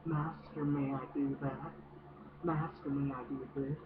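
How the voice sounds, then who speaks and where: A man's voice: medium pitch, little pitch movement, a little slow, lightly acted. A man mockingly imitating a hypnotized young woman who meekly and repeatedly begs her master for permission. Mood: pleading. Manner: meek, repetitive pleading. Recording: distant noisy phone-like audio.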